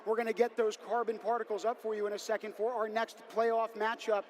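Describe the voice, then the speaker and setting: A man commentating a robotics competition live from a booth, talking fast and hyped like an announcer. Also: high voice, little pitch movement. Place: commentary booth in a noisy arena.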